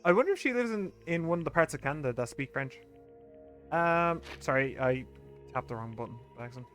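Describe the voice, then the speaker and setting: A man's voice: on the high side, animated, brisk, over music. A man giving casual let's play commentary, musing aloud in rambling asides with restarts.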